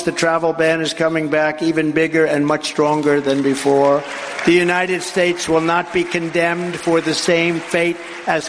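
Emphatic man at a rally. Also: fairly high pitch. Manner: rambling, repetitive, emphatic. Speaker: political speaker. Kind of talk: rally speech. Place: large venue with a live crowd. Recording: echoey hall with crowd noise.

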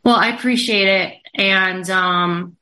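A woman talking as a show guest, halting and earnest, full of fillers and restarts. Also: medium pitch, fairly even intonation, bright, forceful tone. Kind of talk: casual interview talk.

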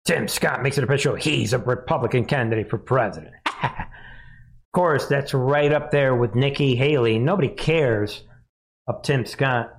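A man's voice: medium pitch, normal speed, gravelly. A man hosting a live news commentary, mocking the clips he plays, laughing often and speaking straight to his viewers. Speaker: commentary host.

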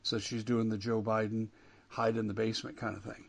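Emphatic talk radio host. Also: male voice, lowish voice, level tone, brisk, vocal fry. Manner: emphatic, rising and falling with indignation.

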